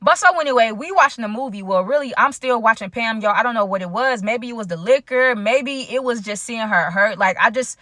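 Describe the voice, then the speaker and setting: In a clean studio recording with no echo, a woman with a fairly high, bright, forceful voice talks briskly with few pauses. She's a content creator sharing a personal story with her viewers in a chatty, slangy storytime vlog, addressing them directly.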